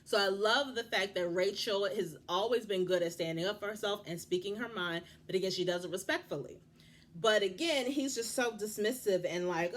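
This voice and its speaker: Animated woman recapping a TV show. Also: medium pitch, fairly quick. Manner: animated, indignant, talks straight to people on the show. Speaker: TV recap vlogger. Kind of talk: casual TV recap commentary.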